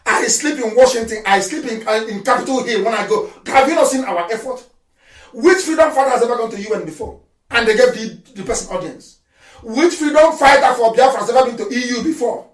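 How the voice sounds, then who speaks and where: A fiery, scornful man with a Nigerian accent and a high voice gives a live address, often shouting. He stands well back from the mic in a room that rings with echo. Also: animated, brisk. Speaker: political activist leader addressing followers. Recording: echoey room, speaker far from the mic.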